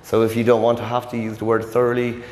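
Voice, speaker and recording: A man's voice: medium pitch, completely flat delivery, fast talker, darkish tone. A man teaching a demonstration English lesson in a chatty, joking way, speaking directly to learners. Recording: echoey hall with faint noise.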